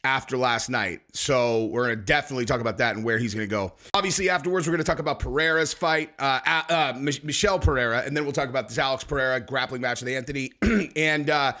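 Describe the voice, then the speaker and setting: A man hosting his own fight recap show, talking in an excitable, rambling, slangy way. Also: medium pitch, quick pace, hardly any pauses. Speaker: MMA commentary host. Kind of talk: casual fight recap vlog.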